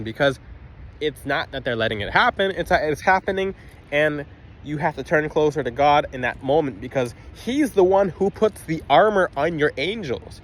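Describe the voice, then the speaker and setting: A man's voice: on the high side, animated, moderate pace. A man casually talking to a phone camera outdoors, emphatic and rambling, with frequent restarts. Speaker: spiritual video host.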